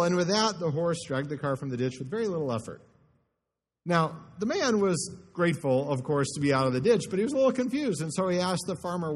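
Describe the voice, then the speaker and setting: A man's voice: a little high, expressive, a little fast. A man preaching a sermon to his congregation, telling stories with varied pace and emphasis. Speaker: pastor. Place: church sanctuary before a congregation. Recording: long church reverb.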